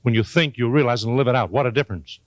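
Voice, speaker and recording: A man's voice: mid-range voice, quick pace, no room sound, rough recording. An older man giving a motivational speech to a live audience, folksy and joking, with emphatic repeated lines. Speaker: motivational speaker.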